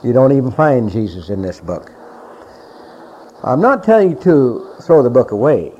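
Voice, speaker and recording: A man's voice: medium pitch, very animated, moderate pace, dark tone. Emphatic male preacher, dull lo-fi sound. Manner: emphatic, repeats phrases, rises and drops in volume. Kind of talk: sermon. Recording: dull lo-fi recording with faint hiss.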